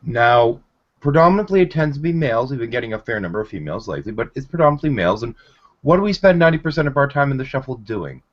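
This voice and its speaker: A man's voice: medium pitch, animated, very fast. A man hosting a podcast, cutting into the chat with teasing questions. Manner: cuts in, teasing. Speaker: podcast host. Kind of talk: casual group chat. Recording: dull lo-fi podcast recording.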